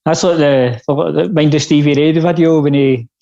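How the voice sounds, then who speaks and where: A man's voice: a little high, fairly even intonation, normal speed, vocal fry, warm tone, lo-fi sound, slight background noise. A man with a Scottish accent hosting a podcast, chatting casually and laughing along with his guest. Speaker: podcast host.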